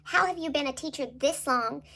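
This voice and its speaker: A woman voicing her high, scornful inner critic. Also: normal speed, vocal fry, pushed and bright, full character voice. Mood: berating. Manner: berating, contemptuous. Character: harsh scolding female inner critic.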